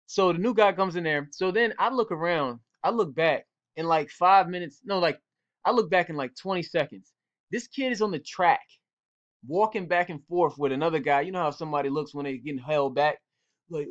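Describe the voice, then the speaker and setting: A man's voice: fairly high pitch, expressive, a little fast, fairly bright tone, lo-fi sound. A man who coaches football, talking casually to young players, telling stories with quoted exchanges in a laid-back, slangy way. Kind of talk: casual instructional talk.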